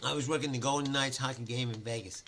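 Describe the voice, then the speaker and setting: A man's voice: mid-range voice, fairly even intonation, fast talker, fairly bright tone, a little hiss or hum. A man hosting his own talk show, telling a story in a loose, swearing monologue and laughing at his own jokes. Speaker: podcast host.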